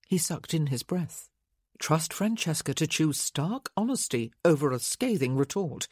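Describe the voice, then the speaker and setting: A woman narrating a romance audiobook in a measured, intimate reading. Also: low-pitched, animated, darkish tone, husky, no room sound, clean studio sound. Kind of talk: scripted narration.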